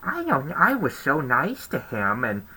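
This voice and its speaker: A man's voice: medium pitch, wildly swooping pitch, measured pace, sharp tone, slightly rough, heavily acted, low-quality recording. A man voicing a pushy, nagging gym woman who is condescending and self-pitying.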